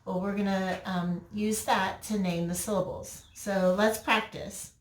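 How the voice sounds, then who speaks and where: A woman teacher giving a recorded phonics lesson to young children, slow and patient, drawing out words for them. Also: mid-range voice, steady tone. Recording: roomy echo, mic at a distance.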